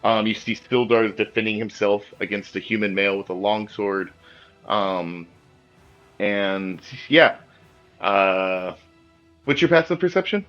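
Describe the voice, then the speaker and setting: A man narrating as game master of a tabletop game, casual and halting, with many fillers. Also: fairly low pitch, fairly bright tone. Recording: dull lo-fi sound with faint music.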